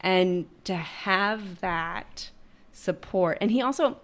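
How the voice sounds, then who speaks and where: A woman's voice: mid-range voice, takes it slowly. A woman in her thirties talking openly and earnestly about her family in a candid conversation. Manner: earnest, open, emotional, many ums.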